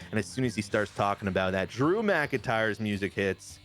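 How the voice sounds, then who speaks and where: A young man talks through a wrestling management game. He is excitable and quick with jokes. His speech is casual and a little profane. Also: fairly low pitch, soft background music. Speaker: game commentator.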